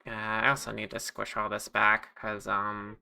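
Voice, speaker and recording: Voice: medium pitch, completely flat delivery, a little slow, gravelly, pushed and bright, clean tone. A livestreamer making plushies who chats casually with viewers and thinks aloud at a home streaming mic. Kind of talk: casual livestream chat while crafting.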